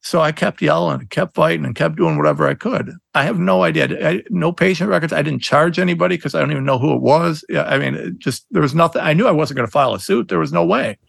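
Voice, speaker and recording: An animated middle-aged attorney speaks at a quick pace with few pauses, his slightly high voice creaky. Appearing on a podcast, he tells stories in a conversational interview, earnest and emphatic, frequently restarting, with a dry sound.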